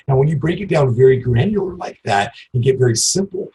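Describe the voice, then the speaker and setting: A man's voice: medium pitch, expressive, brisk, hardly any pauses, warm tone, slightly rough, low-quality recording. A man, a guest on a podcast, giving practical sales tips in an upbeat, casual way. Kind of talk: casual interview chat.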